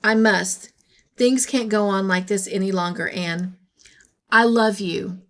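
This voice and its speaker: A woman reading the lines of an earnest, lovestruck young man in a storybook, speaking quietly. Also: medium pitch, steady tone, unhurried.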